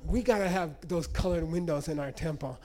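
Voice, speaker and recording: A cheerful, wonder-struck lama, as a man puts him on, full of eager exclamations and asking about everything he sees. The voice is pushed up higher than a plain speaking voice. Its tone stays mellow. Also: a little fast, lightly acted. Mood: delighted, curious. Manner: wide-eyed, eager exclamations. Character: cheerful, curious male Buddhist lama.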